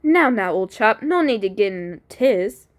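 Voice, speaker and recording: A woman's voice: medium pitch, animated, normal speed, lightly acted. A woman voicing a genteel older male lab expert in a detective game, mildly chiding as he explains results. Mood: explaining.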